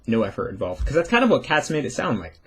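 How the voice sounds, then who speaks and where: A man's voice: medium pitch, wildly swooping pitch, fast, slightly rough. A young man telling a casual, rambling story about learning a language, with frequent restarts and the odd swear word. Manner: rambling, swearing, acts out quoted voices.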